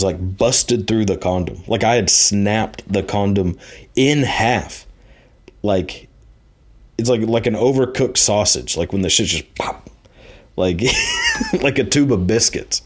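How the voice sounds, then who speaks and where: A man's voice: lowish voice, wildly swooping pitch, takes it slowly, long pauses, slightly rough. A man telling a personal anecdote in a rambling, casual way, full of fillers and laughing at himself. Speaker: storyteller.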